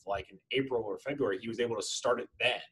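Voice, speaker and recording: A man's voice: mid-range voice, quick pace, a bit bright, low-quality recording. Chatty man with lots of fillers. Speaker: podcast co-host. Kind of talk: casual chat.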